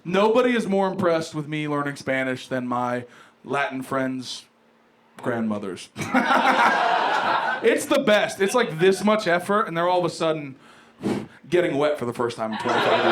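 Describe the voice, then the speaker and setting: Brash, animated young stand-up comedian. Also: male voice, on the high side, measured pace. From Ohio. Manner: brash, profane, animated storytelling. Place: comedy club stage with live audience. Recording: live club recording with audible crowd noise.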